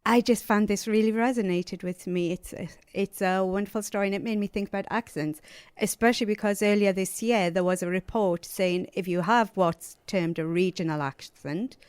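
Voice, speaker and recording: A middle-aged woman from Northeast England with a softened Geordie accent, talking earnestly as a panelist in a podcast discussion. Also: mid-range voice, normal speed, smooth, no echo.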